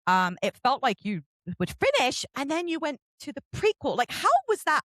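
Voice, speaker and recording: A woman from England with a southern English accent, hosting a casual interview, animated and often laughing. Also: high-pitched, moderate pace, dry recording. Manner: giggly, animated storyteller. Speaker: interview host.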